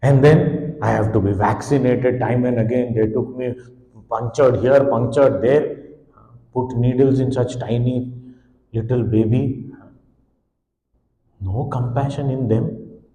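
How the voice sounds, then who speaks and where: Swami giving a spiritual talk, dark mellow voice, storytelling style, echoey hall. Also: male voice, medium pitch, a little slow, pauses often. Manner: expressive storytelling, speaking as a helpless infant. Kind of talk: devotional discourse explaining a hymn.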